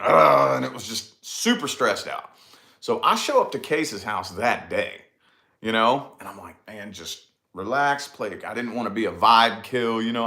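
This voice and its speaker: A man in his thirties co-hosting a casual chat, telling a story with swearing and voice jumps when he gets excited. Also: on the low side. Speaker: podcast co-host.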